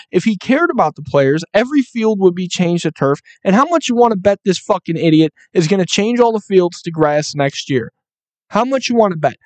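A man's voice: high voice, no echo. Profane, ranting young man, dry sound. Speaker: podcast host. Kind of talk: ranting sports podcast.

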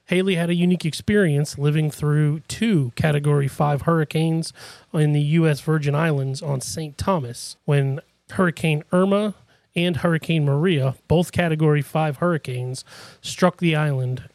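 A man introducing a podcast clip in a clear, informative way. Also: on the high side, normal speed, darkish tone, dry recording. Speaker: podcast co-host.

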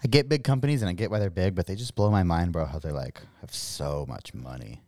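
A man's voice: low voice, expressive, a little fast, mellow, no echo. A young man co-hosting a casual podcast chat, loose and laughing, swearing often. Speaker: podcast co-host.

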